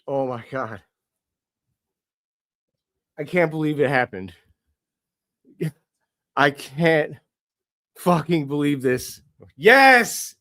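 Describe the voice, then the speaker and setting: A young man hosting a sports podcast, reacting live with euphoric, profane excitement and lots of repetition. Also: a little high, takes it slowly, long pauses. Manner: euphoric, swearing, repeating himself.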